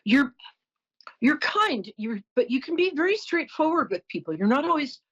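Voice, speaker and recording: A woman's voice: high-pitched, sing-song, normal speed. Chatty woman psychic host, lo-fi sound. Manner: warm-hearted, apologetic, storytelling, blunt. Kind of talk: chatty call-in talk with anecdotes.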